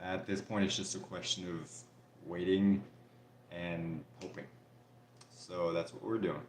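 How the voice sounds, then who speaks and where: A man with a fairly low voice hosts a live stream and answers viewer questions in loose, casual chat. He speaks candidly, often restarting his sentences and filling them with "like." The sound carries a roomy echo. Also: a little slow, a little hiss or hum. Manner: relaxed and candid, with frequent restarts and "like".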